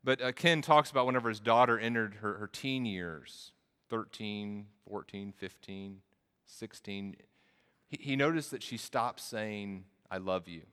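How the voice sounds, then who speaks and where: A man's voice: lowish voice, measured pace, fairly bright tone, clean tone, big-room sound. A man preaching a sermon, telling a story and then building to emphatic preaching. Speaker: pastor.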